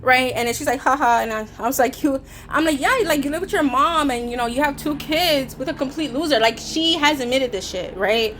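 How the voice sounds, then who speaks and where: A woman's voice: sits high, a little fast, hardly any pauses, a bit bright, slight background noise. A woman telling a storytime vlog in a heated, swearing way, acting out both sides of an argument. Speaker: vlogger; caregiver.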